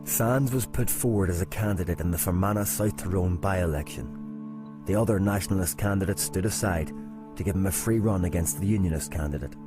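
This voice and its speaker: A man reading scripted documentary narration in a measured, deliberate way. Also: low-pitched. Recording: narration over music.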